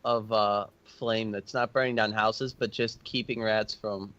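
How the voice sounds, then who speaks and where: A man playing in a tabletop game, speaking hesitantly and slowly while he works out what his character does. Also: on the low side, flat delivery, sharp tone, muffled recording. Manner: hesitant, slow, searching for words. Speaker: player. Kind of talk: casual game-table chat.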